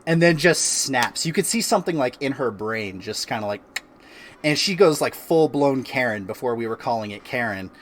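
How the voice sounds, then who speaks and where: A man's voice: mid-range voice, expressive, normal speed. Laid-back man telling a story. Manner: laid-back, laughs often, lots of filler words. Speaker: streamer and host. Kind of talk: casual storytelling chat. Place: at home by a fireplace.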